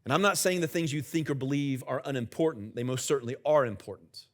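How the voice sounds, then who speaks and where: A man's voice: medium pitch, fast. A middle-aged man, the senior pastor, preaching a conversational sermon in a church and joking with the congregation. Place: church sanctuary with live congregation.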